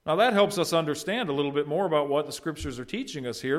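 A man preaching a sermon, swinging between loud, emphatic peaks and quiet asides, and asking the congregation questions. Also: on the high side, expressive, quick pace, few pauses. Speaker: pastor.

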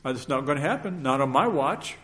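A man's voice: mid-range voice, expressive, fairly quick, fairly bright tone, pitched above the performer's own voice, lightly acted. A man voicing an impulsive male disciple who pleads with urgent, repeated questions during a sermon. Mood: vowing.

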